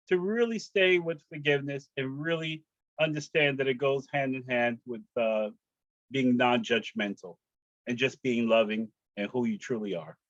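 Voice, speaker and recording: A man giving a personal story talk at a spiritual service, animated and acting out the voices he quotes. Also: a little high, no room sound, dull audio. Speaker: guest speaker sharing testimony. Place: home, rooster heard outside.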